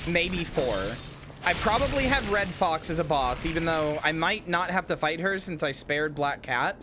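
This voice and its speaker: A woman's voice: low-pitched, expressive, normal speed, fairly bright tone, slight background noise. A woman streaming a video game, chatting casually in a giggly, self-deprecating way. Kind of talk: casual live-stream chat while gaming.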